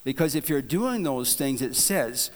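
A man preaching a sermon, telling a folksy story in a relaxed, conversational way, with frequent restarts and repeated words. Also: mid-range voice, unhurried. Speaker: pastor. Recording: long hall reverb.

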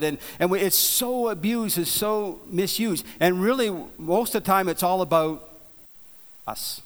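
A man preaching a sermon, telling a folksy story in a relaxed, conversational way, with frequent restarts and repeated words. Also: sits high, moderate pace, clear, resonant tone. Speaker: pastor. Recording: long hall reverb.

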